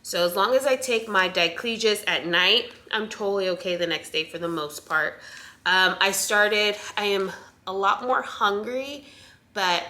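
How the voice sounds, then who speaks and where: A young woman talks casually straight to her camera, filling pauses with ums and restarting sentences as she goes. Her voice is bright and forward, with a slightly breathless edge. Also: medium pitch. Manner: chatty, with frequent ums and restarts. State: a little out of breath. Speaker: vlogger sharing pregnancy updates.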